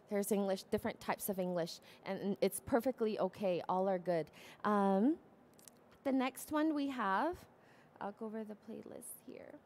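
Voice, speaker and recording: A woman's voice: mid-range voice, a little mellow. A woman teacher with a Southern Californian accent, chattily walking through her teaching videos with lots of "um"s. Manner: chatty, filler-heavy, upbeat. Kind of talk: conference demo talk.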